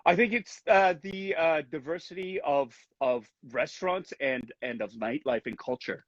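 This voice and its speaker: A man raised in Canada talks earnestly through a headset on a video call, circling back and restarting his sentences as he thinks. His voice sits a little high and sounds husky, and the close, dry audio comes through dull and lo-fi. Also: moderate pace, a bit bright, dry recording. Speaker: actor being interviewed. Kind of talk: casual video-call interview.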